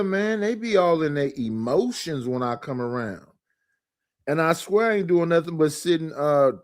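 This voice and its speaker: Guy ranting on his stream at home, aave, kinda high voice, dry mic, exasperated and cussing. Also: no room sound. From Oakland, California. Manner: exasperated, rhetorical, profane. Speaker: livestream host. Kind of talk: casual livestream rant. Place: his living room.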